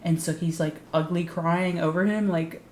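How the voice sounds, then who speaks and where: A woman's voice: lowish voice, steady tone, moderate pace, darkish tone, roomy sound, slight background noise. A woman giving a casual, sarcastic recap of a TV show, swearing freely and saying "like" a lot. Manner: sarcastic, profane, frequent "like" fillers. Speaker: YouTube recap host.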